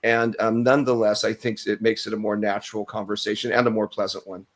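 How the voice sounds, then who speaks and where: A man speaking as an expert on a panel discussion, measured and explanatory, pausing often on "um". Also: lowish voice, flat delivery. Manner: measured, explanatory, with frequent "um" pauses.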